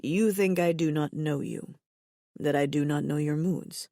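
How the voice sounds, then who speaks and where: Narrator doing a mild-mannered alien barbarian man, low and even, warm, dry read. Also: a little slow, no echo. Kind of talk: audiobook character voice.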